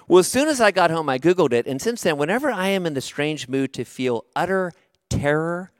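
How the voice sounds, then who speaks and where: A middle-aged man preaching a sermon, telling a story in a conversational, expressive way and slowing down for emphasis. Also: a little high, no echo, studio quality. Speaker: pastor.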